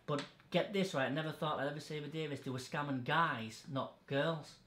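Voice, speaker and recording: Male podcast host, blunt and sweary, mid-pitched, echoey room. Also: fairly quick, a bit bright. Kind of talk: casual chat.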